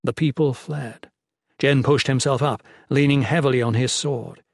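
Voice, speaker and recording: A man narrating a fantasy audiobook in a steady, even voice of middle pitch. The sound is close and dry, with no room around it. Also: moderate pace, vocal fry, dry recording.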